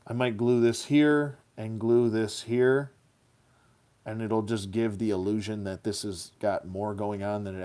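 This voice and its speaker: A man's voice: lowish voice, a little mellow. Chatty, goofy man reviewing toys. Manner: chatty, goofy, hums silly rhymes. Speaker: toy collector reviewing action figures. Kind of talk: casual hands-on review.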